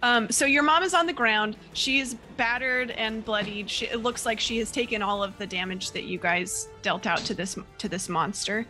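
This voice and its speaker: A woman game master narrating a tabletop game, halting with many fillers. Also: mid-range voice, sharp tone.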